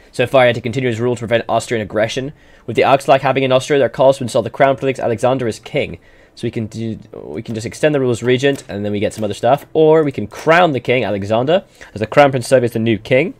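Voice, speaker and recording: A man giving casual, playful commentary over a strategy game. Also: medium pitch. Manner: playful, jokey, chatty. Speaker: gaming YouTuber.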